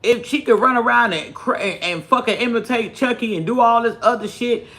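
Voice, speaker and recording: A man's voice: extremely high pitch, brisk, a bit bright. A man giving blunt, heated livestream commentary, swearing constantly as he rants. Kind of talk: profane ranting commentary.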